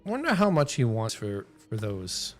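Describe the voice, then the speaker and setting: A man's voice: on the low side, wildly swooping pitch, measured pace, soft background music. A man streaming a game, chatting casually and thinking aloud as he plays, rambling between talking to himself and to his chat.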